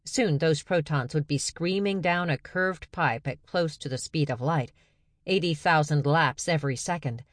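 A woman narrating a science fiction story in a steady, measured way. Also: sits low, no echo, clean studio sound. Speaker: audiobook narrator. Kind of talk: scripted narration.

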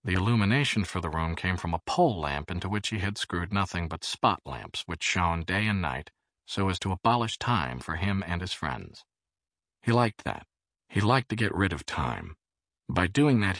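A man reading an audiobook in a measured, expressive way. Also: deep voice, no room sound, clean studio sound. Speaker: audiobook narrator. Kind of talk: scripted audiobook narration.

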